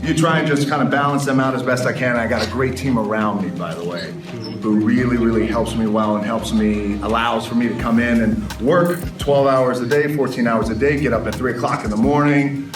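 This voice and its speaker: A man, an actor, giving a relaxed, rambling interview answer with many fillers. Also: mid-range voice, a little fast. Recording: echoey, distant mic, music over it.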